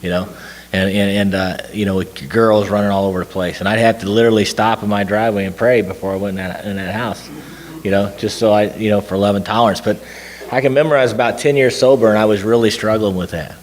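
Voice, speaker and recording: A man's voice: lowish voice, steady tone, fast talker. A man telling a long personal story to a recovery group, rambling with fillers and restarts. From Tennessee. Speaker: recovery meeting speaker. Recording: long hall reverb.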